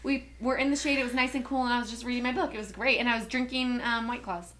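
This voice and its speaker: A woman co-host with a bright, fairly high voice, swapping stories in a chatty, laughing way. The recording carries a faint background hiss. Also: steady tone, fast. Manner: chatty, storytelling, laughs often. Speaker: podcast co-host. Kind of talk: casual chat.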